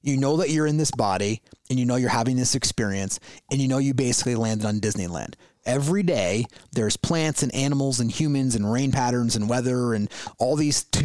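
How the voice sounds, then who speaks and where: A man co-hosting a podcast, talking in a casual, reflective and animated way and often restarting his words. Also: medium pitch, brisk, no room sound. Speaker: podcast co-host.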